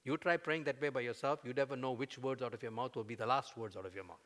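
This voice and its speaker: A man preaching a sermon, conversational with fillers, building to loud, emphatic peaks as he voices prayers. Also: medium pitch, fast. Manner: fillers and restarts, conversational teaching.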